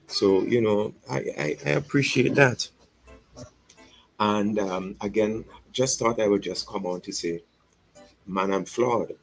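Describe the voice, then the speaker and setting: Speaking slowly with vocal fry in a lowish voice, a pastor from St Vincent and the Grenadines makes a public apology on a radio show. He is earnest, reflects aloud, and repeats his words. The radio studio recording is rough, with soft background music.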